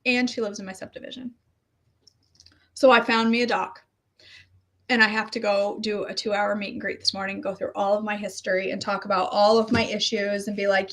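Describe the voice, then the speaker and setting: In a mid-range, slightly bright voice, a middle-aged woman delivers casual chat as a health coach vlogger, rambling and self-deprecating with her viewers. She talks fairly quickly with a flat delivery.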